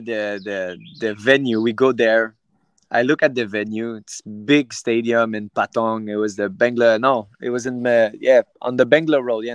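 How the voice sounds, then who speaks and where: Animated, profane man telling fight stories. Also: mid-range voice, no echo. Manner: animated, profane, rambling with restarts. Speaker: guest fighter. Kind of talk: casual interview storytelling.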